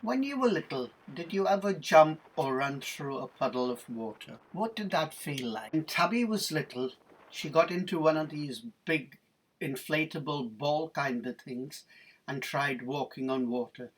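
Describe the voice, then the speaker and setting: Husky man telling children's Bible stories. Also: on the high side, a little slow, low-quality recording. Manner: animated, addressing children directly with questions. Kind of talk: storytelling to children.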